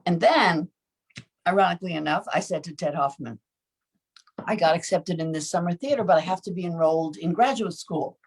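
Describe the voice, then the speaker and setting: A woman in her seventies, an actress, speaks a little fast in a husky, low-pitched voice while recounting her early career in an interview. She tells her stories with energy, chuckling often and imitating the voices involved.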